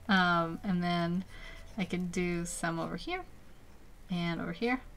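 A woman's voice: fairly low pitch, takes it slowly, a bit bright. Giggly, rambling woman chatting while sketching. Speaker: artist streaming a live drawing session. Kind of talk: casual live-stream chat while drawing.

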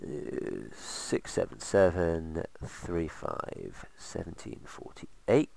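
A man's voice: deep voice, big pitch swings, very slow, gravelly, hardly any pauses, darkish tone, no echo. A man casually commentating while playing a game, rambling with sarcastic asides. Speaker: let's play host.

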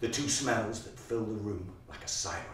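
A man's voice: on the low side, lively intonation, normal speed, a little hiss or hum. An actor playing a violent, menacing father who recalls a brutal childhood, in a brooding stage monologue. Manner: brooding and menacing, flaring into manic shouting. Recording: echoey hall, voice from far off.

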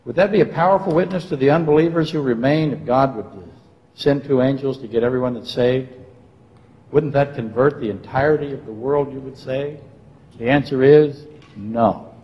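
A man's voice: mid-range voice, fairly quick, dull audio. A man giving a Bible lecture to a congregation, firing rhetorical questions at them and dropping dry, facetious asides. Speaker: Bible teacher. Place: church sanctuary. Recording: long reverb of a church hall.

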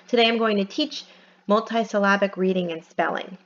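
A woman teacher giving a phonics lesson from home, spelling words out letter by letter in a slow, careful way. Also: medium pitch, steady tone, fairly bright tone, dull audio.

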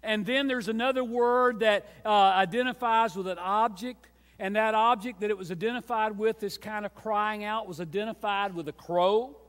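A man pastor preaching a sermon with emphatic, repeated refrains, swinging between hushed and loud passages. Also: high voice, fairly even intonation, normal speed, few pauses. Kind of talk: Easter sermon. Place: church sanctuary. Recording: long church reverb.

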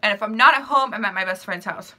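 A young woman talking straight to camera in a casual vlog, her voice bright and forward. She rambles freely, filling her answers with "like" and "um" and laughing at herself. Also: medium pitch, quick pace. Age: young adult. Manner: chatty, rambling, full of "like" and "um"; laughs easily, self-deprecating. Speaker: vlogger. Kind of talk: casual chat answering questions.

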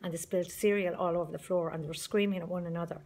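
A woman's voice: lowish voice, steady tone, rapid-fire, a little mellow. Brief: middle-aged woman, motivational group leader, chatty and emphatic. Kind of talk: motivational video message.

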